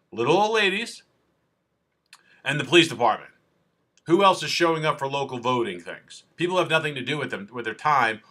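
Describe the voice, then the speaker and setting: A man, a defense attorney, giving off-the-cuff legal advice to the camera in an animated, sarcastic way. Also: medium pitch. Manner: animated and sarcastic, mimics police officers.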